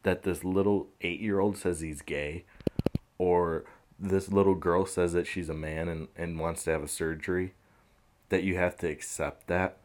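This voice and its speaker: A man's voice: sits low, fairly even intonation, normal speed, darkish tone, slight background noise. A young man hosting a podcast, giving rambling casual commentary on the news, laughing often and swearing. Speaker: podcast host.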